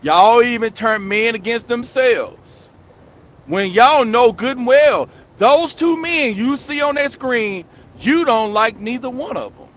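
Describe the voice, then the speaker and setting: A man hosting his own commentary channel delivers a preachy, scolding rant straight to his audience, repeating his points for emphasis. His voice is very high-pitched and a bit bright, and he speaks at a slow pace. The lo-fi recording carries a little hiss or hum.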